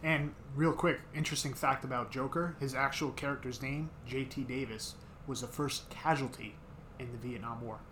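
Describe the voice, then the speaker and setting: A man co-hosting a movie podcast, offering trivia in a plain, matter-of-fact voice of middling pitch. There is faint noise in the background. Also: steady tone, normal speed, fairly bright tone. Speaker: podcast co-host. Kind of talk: casual movie discussion.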